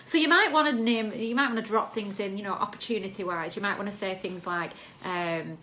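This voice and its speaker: A woman's voice: medium pitch, brisk, hardly any pauses, a bit bright. A woman, coaching viewers in a chatty, upbeat way on a live video and acting out sample lines.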